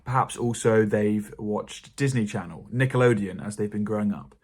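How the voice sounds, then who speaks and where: A man with a British RP accent teaching a pronunciation lesson in a calm, encouraging way. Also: on the low side, moderate pace. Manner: calm, encouraging explanation to learners. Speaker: English teacher.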